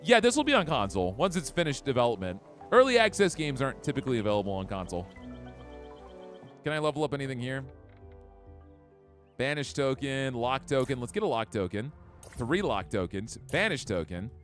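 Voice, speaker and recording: A man's voice: medium pitch, very animated, a little fast, pauses often, a bit bright. A man streaming a game live, chatting casually with his chat and reading out card effects. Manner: chatty, upbeat, reads chat. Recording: faint background music.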